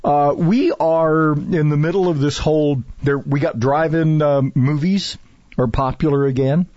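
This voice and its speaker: A man's voice: a little high, measured pace, darkish tone, dry recording, highs cut off. A man hosting a talk radio show, chatting casually and rambling with many fillers and restarts.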